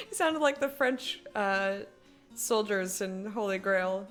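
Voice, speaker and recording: A woman's voice: mid-range voice, animated, slow pace, fairly bright tone, faint music behind. A woman streaming live, joking about a game and reading its text aloud in a chatty, playful way.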